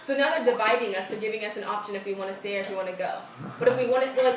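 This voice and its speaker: A woman telling a story in a casual, animated way, filling her talk with "like" and acting out what people said. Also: mid-range voice, rapid-fire. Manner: animated, fills speech with "like", acts out quotes. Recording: roomy, distant, noisy room recording.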